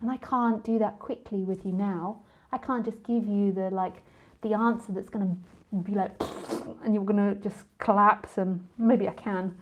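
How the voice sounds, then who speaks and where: A woman's voice: medium pitch, fairly even intonation, unhurried. A woman spiritual teacher in a casual live talk with listeners, rambling and chatty, often laughing and drifting off on tangents.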